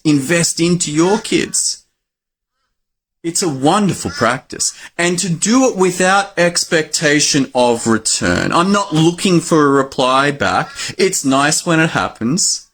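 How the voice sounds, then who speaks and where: A man in his forties with an Australian accent, a doctor giving an animated educational talk to fellow doctors. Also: fairly high pitch. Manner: animated, acts out his own exclamations.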